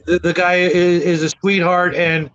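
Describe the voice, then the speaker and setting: High-voiced man, muffled, rambling. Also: flat delivery, a little slow. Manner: warm, rambling, many "you know" fillers. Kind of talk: casual chat.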